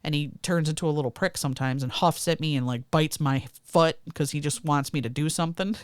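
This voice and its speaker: A woman co-hosting a casual podcast chat, animated and sweary, slipping into playful voices. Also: sits low, brisk, no room sound, clean studio sound. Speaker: podcast co-host.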